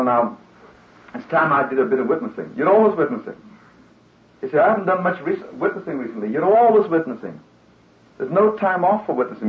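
Male preacher from England, conversational radio sermon, plays out the people he quotes; tinny broadcast sound with room echo. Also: medium pitch. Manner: earnest, conversational, acts out quoted voices.

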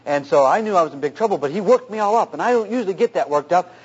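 A man's voice: sits high, racing, slightly rough. A man who is a pastor, preaching earnestly through a personal story about marriage, in a dull lo-fi recording. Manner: earnest, anecdotal, animated retelling.

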